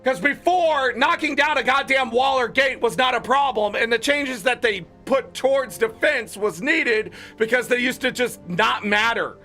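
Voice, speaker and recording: Blunt, high, bright-voiced man. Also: normal speed, few pauses, soft background music. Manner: blunt, opinionated, swears freely. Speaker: gaming content creator. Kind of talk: patch notes commentary.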